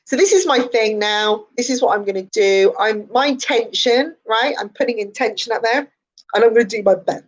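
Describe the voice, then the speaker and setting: A woman speaks as a psychic in a casual morning live stream, her voice slightly hoarse. She talks in a chatty, repetitive and encouraging way and laughs often. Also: a little high, normal speed, rough recording.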